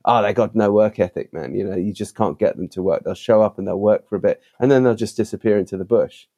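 A man's voice: fairly low pitch, fast talker, warm tone. A man voicing a male farmer who dismissively complains about his workers. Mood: grumbling.

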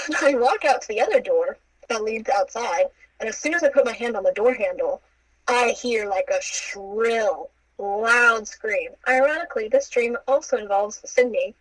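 Her voice a little high and her pace moderate, a young woman recounts a story on a low-quality recording with no echo. She's animated, performing the quoted lines and tossing in playful asides and laughter.

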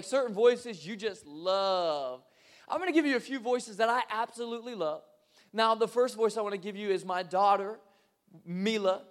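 A young man preaching a sermon, lively and joking as he talks with his congregation. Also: high-pitched. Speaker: pastor.

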